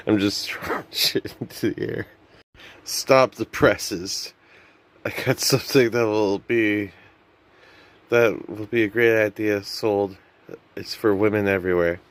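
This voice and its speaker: A man's voice: fairly low pitch, steady tone, measured pace, a little hiss or hum. A young man vlogging to camera in a rambling, self-mocking comedic monologue that often loses its thread.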